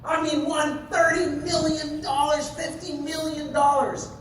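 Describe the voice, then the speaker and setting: A man giving an energetic motivational talk to a sales team, telling stories and checking in with his audience as he goes. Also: very high voice, measured pace. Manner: animated, keeps checking in with the audience. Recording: very echoey room, voice from far off, noisy.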